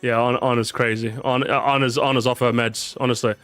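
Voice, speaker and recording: A man's voice: medium pitch, little pitch movement, a little fast, a bit bright, smooth, soft background music. A tired man chatting casually on a live stream, repeating words, swearing and reacting to his chat.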